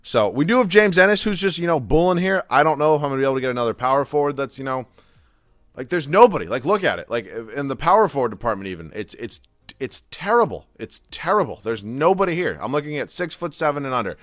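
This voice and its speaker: A man's voice: a little high, big pitch swings, quick pace, fairly bright tone, no room sound, studio quality. A young man giving casual, profane gameplay commentary, ranting as he plays. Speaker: gaming YouTuber.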